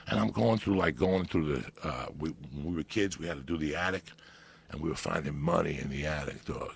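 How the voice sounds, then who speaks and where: Gravelly, very deep-voiced New man. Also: fairly quick. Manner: animated, profane storytelling with bursts of loud emphasis. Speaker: podcast guest. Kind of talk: storytelling in casual chat.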